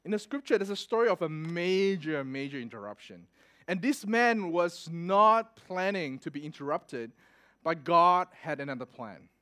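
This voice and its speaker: Animated, higher-voiced male preacher telling stories. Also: moderate pace. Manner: casual, animated anecdotes with laughter. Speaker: pastor. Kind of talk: storytelling sermon.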